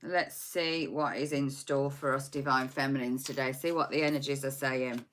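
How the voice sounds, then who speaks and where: A woman's voice: a bass voice, fairly even intonation, moderate pace, fairly bright tone, a little hiss or hum. A woman in her forties giving a chatty, scattered tarot reading from her home desk into a laptop mic. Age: 40s. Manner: chatty, scattered, laughing, self-mocking. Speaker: tarot reader. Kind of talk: casual live tarot reading. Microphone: laptop or phone microphone.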